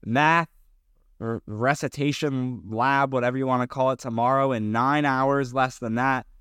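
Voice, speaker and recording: A young man co-hosting a casual sports podcast, talking eagerly and rattling off quick sign-off plugs. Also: medium pitch, fairly even intonation, fairly bright tone, smooth, dry recording, clean studio sound. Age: young adult. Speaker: podcast co-host.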